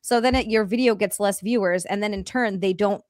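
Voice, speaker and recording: A woman's voice: mid-range voice, brisk, a little mellow, no echo, studio quality. A woman guesting on a livestream, chatty and enthusiastic in casual talk.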